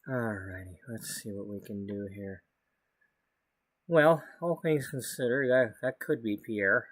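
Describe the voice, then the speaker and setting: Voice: mid-range voice, a little slow, no echo. A let's-play narrator giving casual gameplay commentary, teasing a pet in playful baby talk and musing to themselves.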